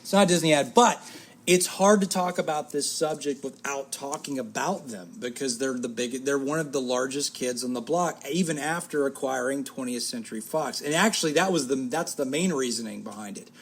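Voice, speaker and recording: A man's voice: mid-range voice, brisk, slight background noise. A man co-hosting a casual talk show, rambling and correcting himself as he jokes. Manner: rambling, self-correcting, joking. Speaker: podcast co-host. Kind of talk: casual chat.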